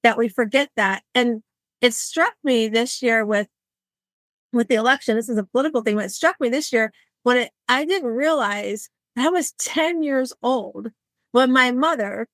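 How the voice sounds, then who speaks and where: A woman in her sixties hosting a podcast, telling stories in an animated, conversational way and acting out the people she quotes. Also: on the high side, moderate pace, no room sound. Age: 60s. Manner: animated, acts out quoted voices. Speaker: podcast host. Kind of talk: conversational storytelling.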